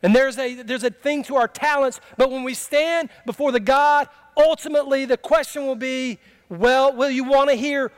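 A middle-aged pastor preaching a sermon, swinging from impassioned emphatic cries to quiet, low storytelling. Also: male voice, fairly even intonation, moderate pace, clean tone.

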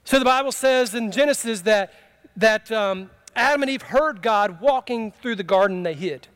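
A man's voice: sits high, normal speed, fairly bright tone, clean tone. A man preaching a sermon in a conversational, humorous way, telling a story from his own life and asking the congregation questions. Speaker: pastor.

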